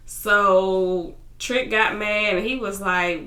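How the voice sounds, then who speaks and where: A woman's voice: mid-range voice, steady tone, slow pace, pushed and bright, echoey room. A woman casually recapping a reality TV episode, chatty and retelling scenes in paraphrased quotes.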